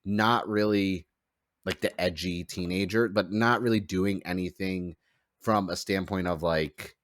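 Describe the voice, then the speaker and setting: Man, low voice, podcast host, rambly casual chat, dry close sound. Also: fairly even intonation, measured pace, a bit bright, no room sound. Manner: rambling, full of "like" fillers.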